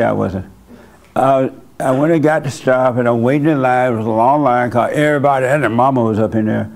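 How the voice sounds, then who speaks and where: A male pastor hosting a church service, telling a story in a casual, animated way and laughing along with the room. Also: medium pitch, creaky. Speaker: pastor and host. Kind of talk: sermon.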